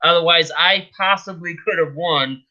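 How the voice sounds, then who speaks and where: A man's voice: on the high side, moderate pace, bright, forceful tone. A man co-hosting a casual fantasy sports podcast, playful and self-mocking, laughing often, over a lo-fi internet connection. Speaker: podcast co-host. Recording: dull lo-fi internet audio.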